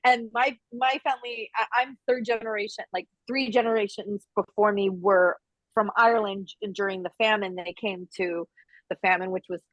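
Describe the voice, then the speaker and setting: A woman from Canada chatting casually in an interview, lively and quick to slip into other voices and accents. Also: mid-range voice, no echo, highs cut off. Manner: chatty, animated, slips into quoted voices and accents. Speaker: voice actress guest.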